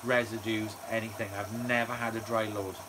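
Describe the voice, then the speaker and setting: Over the noise of a washer running nearby at home, a male channel host chats enthusiastically on his live stream and reads out viewer comments, often using fillers. His voice is lowish and level, at a moderate pace.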